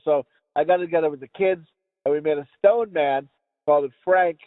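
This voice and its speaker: A man's voice: on the high side, steady tone, fairly quick, dry recording. A middle-aged man from the United States hosting a podcast, rambling and swearing his way through casual chat with friends, recorded over a phone. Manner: rambling, heavy swearing, laughing. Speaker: podcast host. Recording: tinny phone line, dry.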